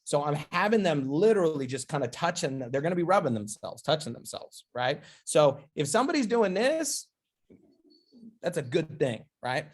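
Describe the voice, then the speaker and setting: A man's voice: a little high, sing-song, normal speed. A man giving a casual, upbeat sales training demonstration, chatty and playful, often checking in with his listeners. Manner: chatty, keeps asking "okay?" and "right?".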